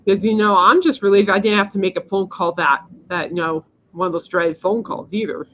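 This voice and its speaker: A woman's voice: mid-range voice, brisk, slight background noise. Rambling woman podcaster, dull lo-fi sound. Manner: rambling, emphatic storytelling. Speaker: podcast host. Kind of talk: casual chat.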